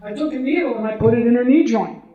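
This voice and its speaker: A man, a doctor, giving a live talk to an audience and telling patient stories in an animated, anecdotal way. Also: very high-pitched, fast, long reverb tail, phone-quality sound, crowd noise.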